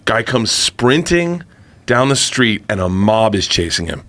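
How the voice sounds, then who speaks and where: A man telling a story on a casual podcast in an animated way, acting out quotes, laughing often and swearing freely. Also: on the low side, unhurried.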